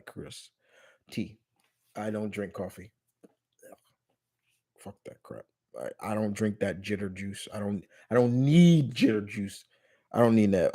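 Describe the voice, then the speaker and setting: A man's voice: on the low side, a little mellow. A man from New York with a New York accent, hosting a casual live Q&A stream, rambling through restarts and fillers, blunt and jokey with casual swearing. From New York, USA.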